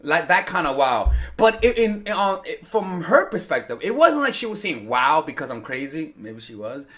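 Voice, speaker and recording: A young man coaching women on dating, his voice high and bouncing all over the place. He tells his story loosely, swears freely and acts out the voices of people he quotes. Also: sing-song, normal speed, fairly bright tone. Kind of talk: casual talking-to-camera advice.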